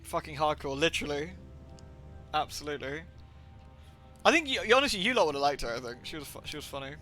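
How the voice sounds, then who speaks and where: A man's voice: on the high side, very animated, quick pace, sharp tone, soft background music. A man from the southwest of England with a mixed Somerset and Birmingham accent, rambling casually and swearing freely while he streams a game from home. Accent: Somerset and Birmingham mix. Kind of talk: casual live-stream chat.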